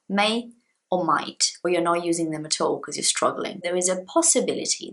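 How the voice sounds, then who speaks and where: A woman's voice: fairly low pitch, fairly bright tone. A woman from Brazil whose first language is Portuguese, giving a chatty, reassuring English lesson to camera and stretching words for emphasis. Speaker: English teacher.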